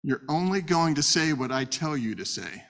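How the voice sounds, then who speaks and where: A man's voice: a little high, expressive, normal speed, a bit bright, long reverb tail. A man voicing God in a retold Bible story, granting permission with an emphatic warning. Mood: firm. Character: God, male, commanding but permissive.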